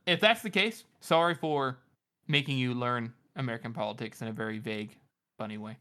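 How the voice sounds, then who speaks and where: A man's voice: medium pitch, brisk, bright, forceful tone, clean tone. A man co-hosting a book podcast in loose, casual chat, laughing often and swearing freely. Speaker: podcast co-host.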